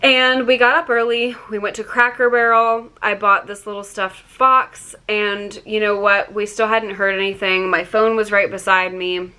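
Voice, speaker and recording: A young woman tells a personal story to her camera in a bright, clear voice. She talks in a chatty way, full of "like" fillers, and her voice catches with feeling. Her pitch sits in the middle of the usual range for a woman. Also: little pitch movement, normal speed, hardly any pauses. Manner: chatty, many "like" fillers, gets choked up. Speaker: vlogger.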